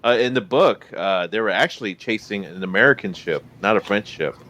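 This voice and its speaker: A man co-hosting a podcast, chatting casually about a film and pausing often with filler sounds. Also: lowish voice, sharp tone, no echo. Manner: hesitant, many filler pauses. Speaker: podcast co-host. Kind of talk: casual movie discussion.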